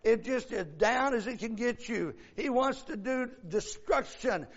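Older man, high voice, fervent sermon delivery, dull lo-fi church tape. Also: lively intonation. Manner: fervent, drawn-out preaching with scripture quotes. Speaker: preacher.

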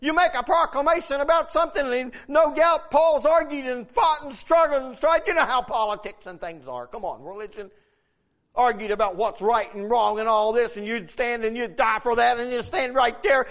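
Man, fervent sermon, scripture reading, high-pitched voice. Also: a little fast, a bit bright. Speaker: preacher. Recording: dull lo-fi recording.

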